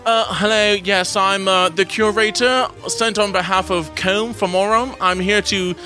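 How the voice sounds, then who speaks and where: A man's voice: high voice, steady tone, measured pace, bright, forceful tone, soft background music, pitched above the performer's own voice. A man voicing a haughty disguised tiefling man who poses as a curator and talks in a pompous, snooty way.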